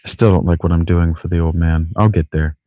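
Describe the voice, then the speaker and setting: A man's voice: low-pitched, steady tone, fairly quick, dark tone, no room sound. A man playing a story game, reading its lines aloud and adding rambling, self-mocking asides. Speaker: game streamer. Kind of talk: casual game commentary, reading dialogue aloud.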